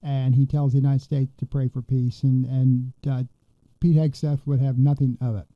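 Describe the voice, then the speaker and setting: A man's voice: medium pitch, level tone, normal speed, no room sound, dull audio. A man hosting a political commentary podcast, talking in a rambling, indignant way with many fillers and restarts. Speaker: podcast host.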